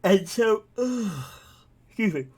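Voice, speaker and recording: A man's voice: sits high, sing-song, slow, darkish tone, breathy edge. A man streaming live, talking casually and enthusiastically about a game, rambling and swearing freely. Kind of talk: casual chat.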